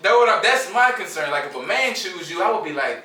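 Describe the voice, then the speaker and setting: A man from Houston co-hosting a podcast, telling animated stories in casual group chat and acting out what people said. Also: high voice, fast, a loud crowd. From Houston, Texas. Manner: animated storyteller acting out quoted dialogue. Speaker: podcast co-host. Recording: echoey room, mic at a distance.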